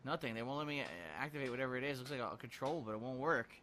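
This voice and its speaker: A man's voice: medium pitch, steady tone, very fast, bright, forceful tone, a little hiss or hum. A man muttering his way through a video game, frustrated and swearing often. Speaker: let's play gamer. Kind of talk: live gameplay commentary.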